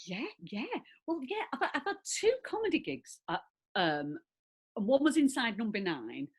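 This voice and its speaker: A middle-aged actress in a conversational interview, telling animated anecdotes with frequent laughter. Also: female voice, a little high, moderate pace, slightly rough.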